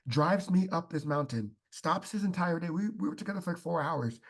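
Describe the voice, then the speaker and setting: Husky man telling heartfelt stories. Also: fairly high pitch, fairly quick. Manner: heartfelt storytelling, many fillers like "like". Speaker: podcast guest. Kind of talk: casual podcast chat.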